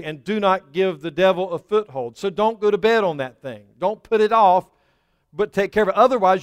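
A middle-aged male pastor preaching a sermon, calling out to his congregation and swinging between loud emphasis and quiet asides. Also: sits high, smooth, in a large hall.

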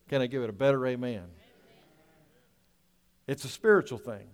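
Rhetorical questions to the congregation punctuate this male pastor's sermon as he shifts from loud, drawn-out phrases to hushed asides. His voice sits at medium pitch, with a long reverb tail behind it.

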